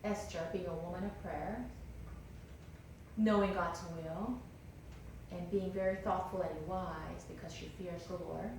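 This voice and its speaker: A woman teaches a Bible class and retells the story with lively, chatty energy. She is recorded from a distance in a very echoey lecture room, with a faint hiss beneath. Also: on the low side, unhurried. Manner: animated, conversational, fillers of "like". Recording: roomy lecture hall, distant mic.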